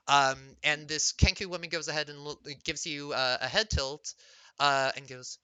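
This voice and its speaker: A man's voice: fairly high pitch, steady tone, normal speed, pushed and bright, smooth, no echo. A man narrating as game master in a loose, filler-heavy way.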